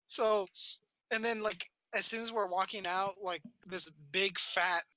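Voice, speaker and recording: A man's voice: high voice, steady tone, measured pace, pushed and bright, poor audio. A man on a casual podcast telling a rambling childhood story, swearing often and acting out what people said. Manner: rambling, swears a lot, acts out quotes. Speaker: podcast co-host.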